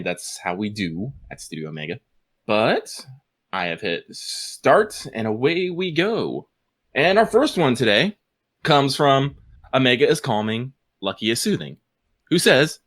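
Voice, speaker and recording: A man co-hosting a podcast, chatting casually and reading out listener mail in an animated way, laughing often. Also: mid-range voice. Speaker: podcast co-host.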